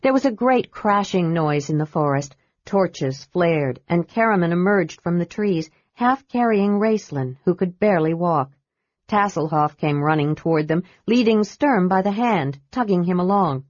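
A woman reading a fantasy novel aloud in steady, measured narration. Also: lowish voice, no echo. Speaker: audiobook narrator. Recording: dull dry recording.

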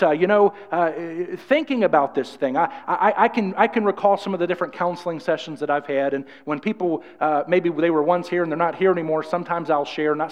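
A man preaches a sermon, rambling and restarting often. His voice sits high for a man. The recording is dull and lo-fi, with a long church-hall reverb. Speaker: pastor.

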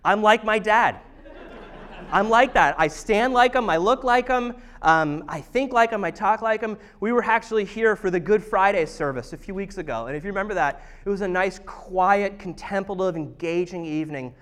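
Guy pastor in his 30s, kinda high voice, chatty and joking about himself in a sermon. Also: normal speed, a bit bright, smooth. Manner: chatty, self-deprecating, humorous. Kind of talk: conversational sermon with storytelling. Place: church service.

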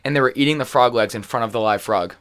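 A man's voice: medium pitch, quick pace, a bit bright. A man co-hosting a casual podcast, joking and blunt, swearing casually. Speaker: podcast co-host. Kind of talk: casual chat.

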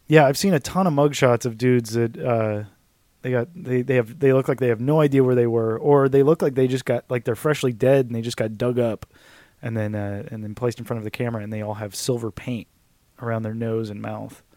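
A man co-hosting a casual, joking chat, rambling and trailing off softly. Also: mid-range voice, steady tone, brisk, dry recording, studio quality.

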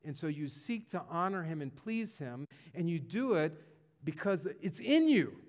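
A man's voice: a little high, very animated, normal speed. A man preaching a sermon in a conversational way, often repeating words and restarting, and rising with feeling as he speaks. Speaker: pastor.

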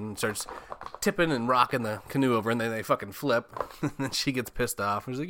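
Profane, joking man with a bright voice. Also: fairly low pitch, fairly quick, no echo, clean studio sound. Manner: profane, joking, acts out characters' lines. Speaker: podcast host. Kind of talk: casual movie recap.

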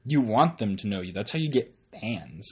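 A young man co-hosting a casual podcast, talking loudly and rambling with giggles, recorded on a tablet microphone. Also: lowish voice, sing-song, moderate pace, husky. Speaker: podcast co-host. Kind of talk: casual banter.

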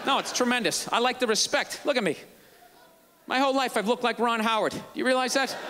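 A man doing a stand-up set on a theater stage. He rants with disbelief and bursts into shouts. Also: very high-pitched, brisk, background noise. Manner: ranting, incredulous, bursts into shouts. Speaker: stand-up comedian. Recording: reverberant hall, faint audience.

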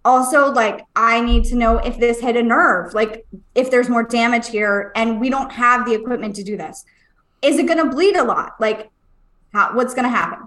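High bright-voiced woman telling a story. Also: reverberant. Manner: animated, laughing, acts out voices, swears freely. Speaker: podcast co-host. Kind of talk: casual storytelling chat.

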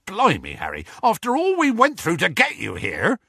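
A man voices a big, gruff, loyal half-giant in a heavily acted performance pitched above his own natural voice, so it sits high with wildly swooping pitch. His tone is bright, forceful, gruff and rough at a moderate pace, captured as clean studio sound with no room sound.

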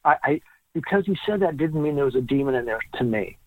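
Male guest storyteller, animated, plays out the dialogue; tinny, dry phone-line audio. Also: mid-range voice, quick pace, dry recording. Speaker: guest author. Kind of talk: storytelling in a podcast interview.

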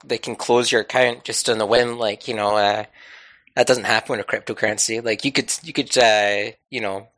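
A man's voice: on the low side, steady tone, moderate pace, a bit bright. A man in a casual chat, responding sympathetically and hesitantly with many fillers. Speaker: community hangout participant.

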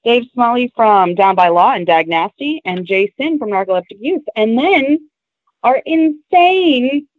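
A woman's voice: mid-range voice, no echo. A woman co-hosting a podcast in casual chat, eager and bubbly, on a tinny, phone-like recording. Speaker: podcast co-host. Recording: tinny phone-like dry sound.

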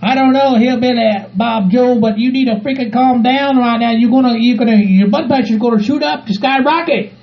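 A nervous sidekick with a high, gravelly voice who begs his friend to calm down, repeating himself over and over, as a man puts him on. The sound is muffled and a little dull. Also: brisk, hardly any pauses. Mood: pleading calming. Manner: pleading, soothing, repetitive. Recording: muffled recording.

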